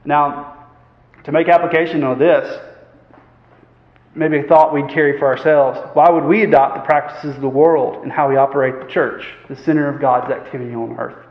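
A man preaching a sermon. He poses rhetorical questions and often clears his throat. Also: on the high side, fairly even intonation, normal speed. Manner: earnest, asks the congregation rhetorical questions; frequent fillers and throat clearing. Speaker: pastor. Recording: echoey hall, dull sound.

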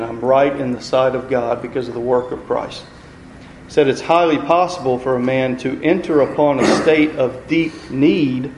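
A man's voice: medium pitch, a little mellow. Earnest man teaching in an echoey room. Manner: earnest, repeats key phrases, slows on scripture. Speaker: Bible study teacher. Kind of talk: teaching a Bible study. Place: room with a group, reading from a computer. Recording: echoey room, faint ambient noise.

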